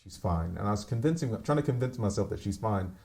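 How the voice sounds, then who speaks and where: A man on a remote call telling a painful personal story, halting, with many fillers and restarts. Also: fairly low pitch, expressive, vocal fry, mellow. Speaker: podcast guest.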